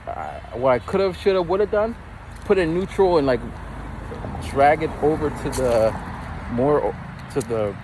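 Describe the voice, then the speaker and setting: A man telling a casual story as a vlogger, rambling with many restarts and repeated words, recorded on a phone outdoors near traffic. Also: mid-range voice.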